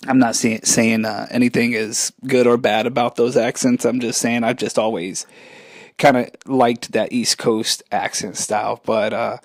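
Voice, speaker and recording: Guy in his 40s ranting on his podcast, middle pitch, super dry sound, kinda rambly and chatty. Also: level tone, moderate pace, no room sound. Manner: loose and chatty, trailing off and restarting. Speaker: podcast host. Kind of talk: casual rambling rant.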